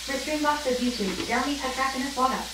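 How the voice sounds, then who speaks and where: High-voiced woman reading out chat. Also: fast talker, heavy background noise. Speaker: chat reader on a livestream. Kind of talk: reading viewer comments aloud. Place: home kitchen. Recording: very echoey kitchen, mic far off. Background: food frying and sizzling.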